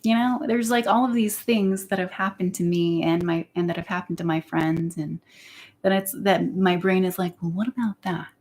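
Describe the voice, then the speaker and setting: A woman's voice: fairly low pitch, fairly even intonation, normal speed, darkish tone. A young woman chatting candidly on her livestream, rambling and sometimes dropping into a whisper. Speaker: YouTuber. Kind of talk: casual livestream chat.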